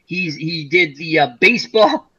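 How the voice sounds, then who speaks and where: High, lively, bright-voiced rambling man. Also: unhurried, breathy edge, highs cut off. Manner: rambling, animated storyteller. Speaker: co-host. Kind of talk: casual chat, retelling movie scenes.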